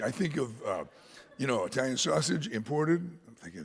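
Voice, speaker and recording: An American man preaching a sermon as pastor, an animated storyteller who punches out words for emphasis and jokes about himself. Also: medium pitch, fairly quick, vocal fry, husky. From United States. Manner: animated storyteller, shouts words for emphasis, self-deprecating humor. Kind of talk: expository sermon. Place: church sanctuary. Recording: church hall reverb.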